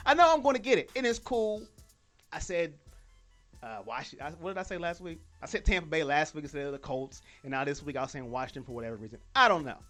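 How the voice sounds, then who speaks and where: A man hosting a live sports podcast, talking casually and excitably, laughing at his own slip-ups and repeating himself. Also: fairly high pitch. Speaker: podcast host.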